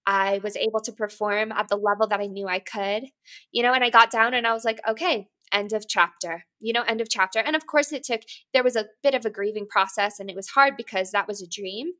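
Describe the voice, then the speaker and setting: Candid young woman with a bright voice. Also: medium pitch, a little fast. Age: 20s. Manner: candid, thoughtful, full of "you know" and "like", restarts sentences. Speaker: guest, competitive climber. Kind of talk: reflective interview talk.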